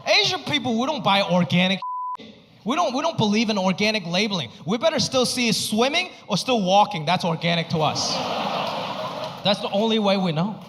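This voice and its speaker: A male stand-up comedian performing a set on a comedy club stage, animated and exaggerated, and he swears freely. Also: sits high, a little fast. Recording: reverberant club with audience noise.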